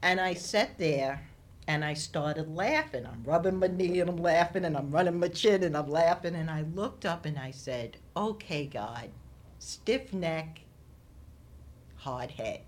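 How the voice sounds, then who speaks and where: A woman's voice: fairly low pitch, moderate pace, a little hiss or hum. A woman, a radio guest, giving an inspirational faith talk with preacherly rises and falls. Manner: preacherly, rising and falling with emphasis.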